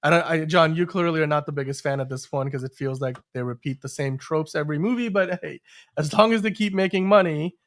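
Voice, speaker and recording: A man's voice: a little high, fairly quick, a bit bright. A man hosting a live-streamed podcast, talking in a rambling casual way with many restarts. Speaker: podcast host.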